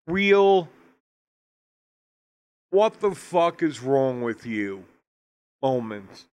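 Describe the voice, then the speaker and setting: Slow, smooth-voiced man. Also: medium pitch, very animated, a little mellow, no echo. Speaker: podcast co-host reviewing films. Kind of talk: casual chat.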